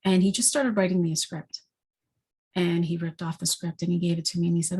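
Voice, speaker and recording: A woman sharing a personal story, halting and earnest, with frequent restarts and repeated words. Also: lowish voice, fairly even intonation, a little mellow, slightly rough. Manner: earnest and heartfelt.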